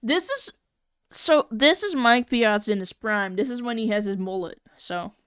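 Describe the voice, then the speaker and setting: A woman's voice: fairly high pitch, expressive, moderate pace, fairly bright tone, clear, resonant tone, no room sound, studio quality. A young woman live-streaming as she draws, chatting casually in a giggly, rambling, playfully exasperated way. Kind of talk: casual live-stream chat while drawing.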